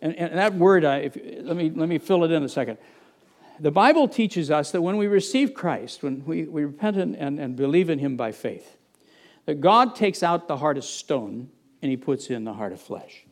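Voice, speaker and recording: A middle-aged man preaching to his congregation in a somewhat high voice. He talks conversationally, breaking off and restarting sentences and turning to the listeners with asides. The sermon has an easy, spoken flow. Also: animated, normal speed. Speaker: pastor.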